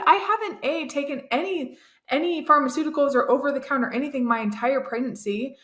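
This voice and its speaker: A young woman, chatting in a relaxed way about a personal story, often laughing. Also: sits high, a little fast. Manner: chatty, laughs often, acts out quoted voices. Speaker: guest, new mom. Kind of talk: casual storytelling.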